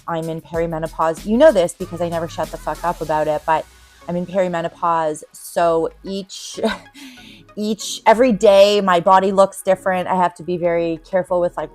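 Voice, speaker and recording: A recovery coach in her forties hosts a casual solo podcast, speaking candidly and rambling with lots of ums. Her voice is on the low side.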